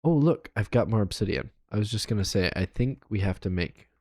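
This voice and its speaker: A man streaming a video game live, talking casually and counting quietly to himself as he builds. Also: lowish voice, fairly quick, dry recording, clean studio sound. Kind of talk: casual gameplay commentary.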